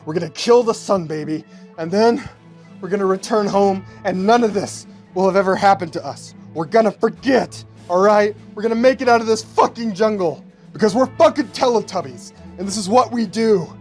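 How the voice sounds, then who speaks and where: A man voicing a gruff, foul-mouthed soldier leading a squad, barking and rising to a shout. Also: high-pitched, normal speed, faint music behind, pitched above the performer's own voice, natural voice. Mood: fierce rallying.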